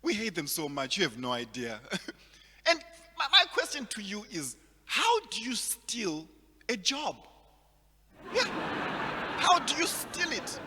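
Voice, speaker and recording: Man, stand-up comedian, from Zimbabwe, high bright voice, very animated, long hall reverb. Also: slow, pauses often, slight background noise. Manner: animated storytelling, acts out characters with big swings in loudness. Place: large hall at a virtual event.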